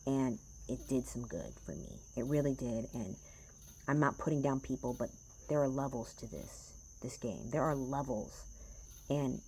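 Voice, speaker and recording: A woman's voice: a bass voice, warm tone, slight background noise. A woman who reads tarot, talking to her viewers in a passionate, rambling and profane way, at home in a small house in the woods. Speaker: tarot reader. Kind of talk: casual vlog talk to viewers.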